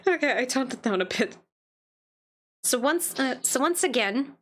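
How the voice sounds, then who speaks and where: A woman's voice: on the high side, normal speed, fairly bright tone. A woman streaming a game, reading its dialogue aloud and reacting playfully between lines. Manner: playful, reads text then comments with laughs.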